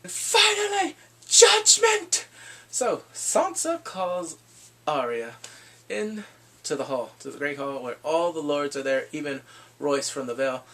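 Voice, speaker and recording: A man casually recapping a TV episode in an excitable, rambling way, full of "like" and restarts. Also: a little high, measured pace, slight background noise. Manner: excitable, rambling storytelling with frequent "like". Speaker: TV show reviewer.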